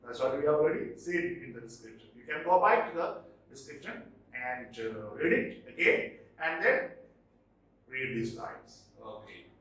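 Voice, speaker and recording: A man teaching English literature in a recorded lecture, explaining terms slowly and repeating key points. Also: medium pitch, fairly bright tone. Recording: very echoey room, mic at a distance.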